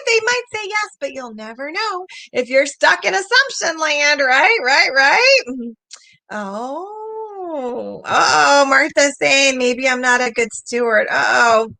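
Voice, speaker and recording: A woman sales coach hosting a livestream, coaching with lively energy, reading viewer comments aloud and acting out little quoted voices. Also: high-pitched, no room sound.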